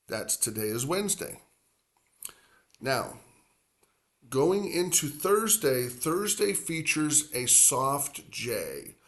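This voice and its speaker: Male language teacher, slow and rambling, stretches out each word he drills. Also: mid-range voice, big pitch swings, fairly bright tone. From grew up near the Atlantic coast. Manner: rambling, filler-heavy explaining, drawn-out repeated Spanish words. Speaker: Spanish teacher. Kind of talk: language lesson.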